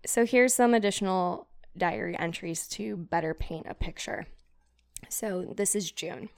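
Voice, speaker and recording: Chatty woman with a gravelly voice. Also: fairly low pitch, measured pace. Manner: rambling, filler-heavy, self-conscious. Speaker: podcast host. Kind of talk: casual storytelling chat.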